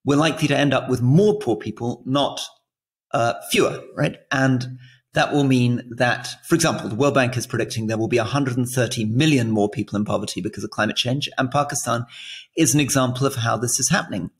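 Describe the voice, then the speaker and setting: A British man with a gravelly, creaky edge and medium pitch co-hosts a political podcast. He explains things earnestly and at length, in a conversational tone. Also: fairly quick. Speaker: podcast co-host. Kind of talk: casual political chat.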